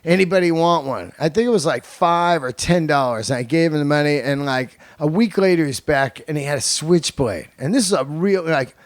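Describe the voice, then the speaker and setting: A man's voice: a little high, normal speed, hardly any pauses, dry recording. A man in his fifties, a comedian hosting his podcast, talking loosely and profanely in a joking, storytelling way. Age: 50s. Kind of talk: casual podcast monologue.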